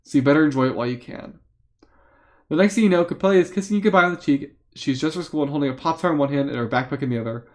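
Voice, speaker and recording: A man's voice: fairly high pitch, racing, a little mellow. A man reading an interactive book aloud live for friends, playful with joking asides.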